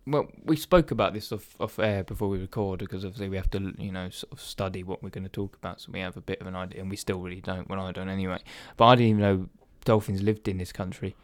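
A man co-hosts a casual podcast. His voice sits a little low and sounds smooth, with a close, dry sound. He rambles, restarts his sentences and fills the gaps with ums. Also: fairly even intonation, fast talker, hardly any pauses, dry recording. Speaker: podcast host. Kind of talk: casual chat.

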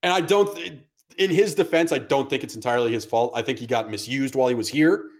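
A mid-range male voice moves at a quick pace as he co-hosts a podcast about sports. He comes across blunt and sarcastic and swears in a relaxed way.

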